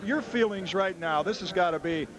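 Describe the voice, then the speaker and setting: A man hosting post-game coverage briskly and upbeat from a celebrating clubhouse. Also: sits high. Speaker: broadcast host. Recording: loud crowd noise behind.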